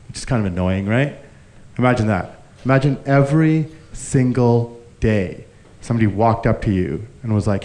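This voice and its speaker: A man's voice: mid-range voice, lively intonation, moderate pace, pauses often, darkish tone. A man from Canada performing a stand-up comedy set on a club stage into a handheld mic, laughing at his own jokes and swearing freely.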